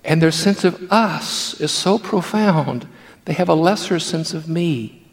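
A man's voice: on the high side, unhurried, in a large hall. An older male pastor who gives a sermon through playful anecdotes about family life.

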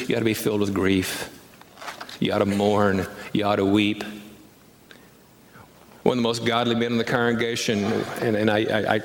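Earnest preacher in an echoey hall. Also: male voice, mid-range voice. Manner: earnest preaching, presses with repeated lines and rhetorical questions. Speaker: pastor. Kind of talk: sermon. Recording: echoey church hall, reverb.

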